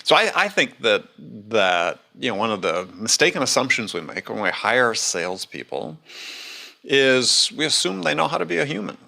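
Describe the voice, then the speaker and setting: A man hosts a sales podcast in a relaxed interview. His voice is bright and a little gravelly, and his pitch moves a lot as he stresses his points. He repeats words as he starts a thought. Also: normal speed. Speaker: podcast host. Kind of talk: conversational interview.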